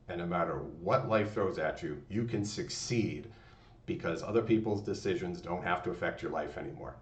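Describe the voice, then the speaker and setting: Deep-voiced man, distant and roomy. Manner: rambling, folksy, many fillers and restarts. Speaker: motivational channel host. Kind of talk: motivational talk. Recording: distant, roomy, dull lo-fi sound.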